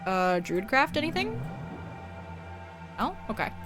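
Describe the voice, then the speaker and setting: A woman's voice: fairly high pitch, very animated, slow, music in the background. A woman streaming a video game, chatting playfully and swearing casually as she plays. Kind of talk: casual let's-play commentary.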